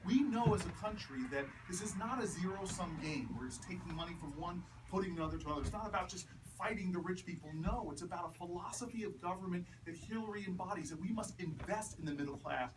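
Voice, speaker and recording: Man, political stump speech, storytelling, measured then loud, distant mic, background noise. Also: high voice. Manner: rising from measured to loud, laughing punchlines. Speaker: politician speaking at a campaign event. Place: house party, indoors. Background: crowd laughter.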